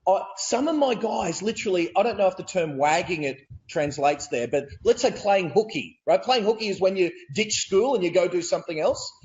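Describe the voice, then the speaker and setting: A man with an Australian accent, a real estate coach telling stories as a guest on a video call, energetic and laughing as he goes. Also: high voice, a little fast, hardly any pauses, highs cut off. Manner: energetic, laughing, repeats words. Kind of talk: animated storytelling.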